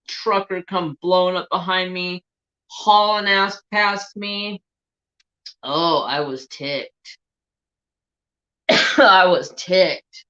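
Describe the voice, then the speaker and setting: A man chats casually on his craft livestream, telling a rambling story with plenty of swearing and animation. His voice is bright and sharp. The stream audio sounds dull and lo-fi. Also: on the high side. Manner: animated, profane, rambling anecdote.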